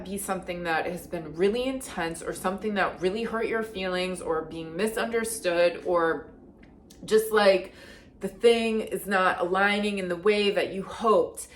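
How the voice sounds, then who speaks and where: A woman's voice: mid-range voice, measured pace. A woman giving a casual, intuitive card reading, talking in a chatty, earnest way with lots of "like" and restarts. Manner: chatty and earnest, heavy use of "like". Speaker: card reader and deck creator.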